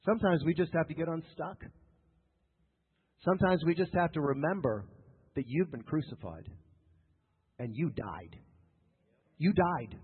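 Husky-voiced preacher in a reverberant hall. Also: male voice, fairly high pitch. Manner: emphatic and repetitive, with joking asides to the congregation. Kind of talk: sermon. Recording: tinny lo-fi sound with long hall reverb.

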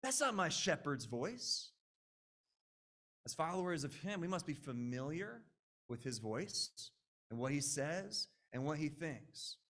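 A man's voice: a little high, big pitch swings, unhurried, fairly bright tone. Earnest young man preaching. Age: 20s. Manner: conversational, earnest, frequent asides to the audience. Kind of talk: sermon.

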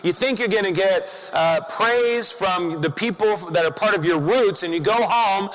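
Male pastor, high voice, casual conversational sermon delivery with rhetorical questions, in a church with long reverb. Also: normal speed, a bit bright.

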